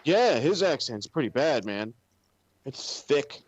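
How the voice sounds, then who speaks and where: A man's voice: mid-range voice, slow pace, no echo. A man co-hosting a wrestling podcast in casual chat, ranting with lots of swearing. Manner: profane, ranting, animated.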